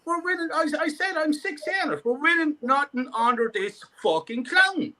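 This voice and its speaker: A man's voice: extremely high pitch, expressive, normal speed, bright, forceful tone. A man calling in to rant angrily about his football team, sweary and repetitive. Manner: furious, sweary, repetitive ranting.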